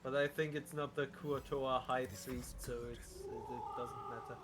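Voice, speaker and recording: A man playing a co-op game with his sister, giving halting, hesitant advice in casual chat. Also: medium pitch, fairly even intonation, music in the background. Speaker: co-op player, streamer's brother.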